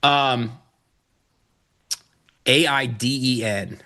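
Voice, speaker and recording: A man's voice: medium pitch, extremely slow. A man co-hosting a casual live trading show, joking around and talking about his hobbies, and a bit stuffed up. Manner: playful and joking, excitable asides. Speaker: co-host.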